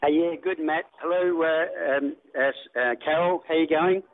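A man's voice: fairly high pitch, steady tone, moderate pace. A man with an Australian accent calling in to a radio show, talking casually and rambling with many ums and restarts. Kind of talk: casual phone call. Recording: tinny phone line.

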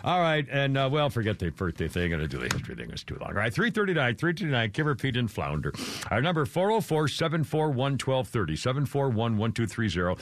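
A man's voice: mid-range voice, no echo. An older man hosting a talk radio show, chatting in a rambling way, often restarting his sentences, on a studio microphone.

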